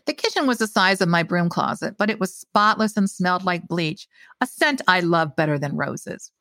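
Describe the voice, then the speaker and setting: A woman narrating a first-person mystery novel in a wry, steady storytelling manner. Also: fairly low pitch, normal speed, no echo. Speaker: audiobook narrator.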